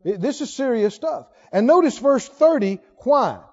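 A man preaching a sermon in a church, fervent and emphatic, swinging from loud to hushed. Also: very high voice, expressive, moderate pace. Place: church sanctuary. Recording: lo-fi recording with long hall reverb.

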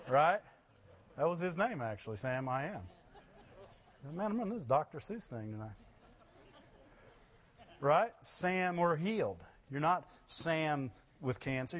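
A man preaching a sermon, rising to loud emphasis with laughing asides. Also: fairly high pitch, muffled recording. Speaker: pastor.

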